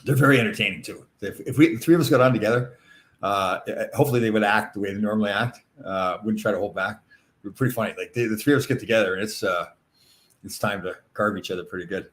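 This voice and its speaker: Chatty middle-aged man host, low voice. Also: quick pace, fairly bright tone. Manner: rambling, laughs often, many fillers. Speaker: podcast host. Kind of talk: casual podcast chat.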